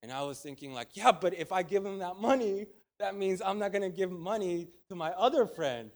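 A man's voice: high-pitched, brisk. A man preaching in a conversational, storytelling way, full of restarts and asides. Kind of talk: storytelling sermon.

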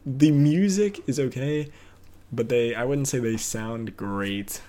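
A young man chatting on a podcast with a mid-pitched voice. He rambles, stops to hunt for words, and keeps restarting. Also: slow, warm tone. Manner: rambling, hesitant, many fillers, laughs often. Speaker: podcast co-host. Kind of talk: casual chat.

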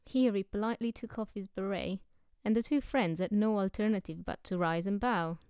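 A woman narrating a novel as an audiobook, with steady, even storytelling. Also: mid-range voice, a little fast, clear, resonant tone, dry recording, studio quality.

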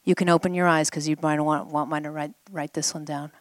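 A woman's voice: low-pitched, level tone, brisk, no echo. A woman healing coach guiding a participant through an exercise at a live event, coaxing and repeating phrases for the listener to say back. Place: live event before a group.

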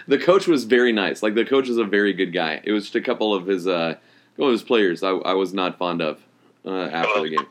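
A man with a fairly low voice co-hosting a casual podcast. He hedges and restarts, fills gaps with "uh" and "like", and laughs easily at his partner. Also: a little fast. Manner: hesitant, laughs often, many fillers. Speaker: blogger and podcast co-host.

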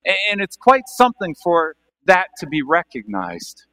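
A man delivering a sermon in a bright, ringing voice pitched a little high. He talks animatedly, posing questions straight to his listeners, then drops his voice to let them sink in. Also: huge pitch swings, moderate pace. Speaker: pastor.

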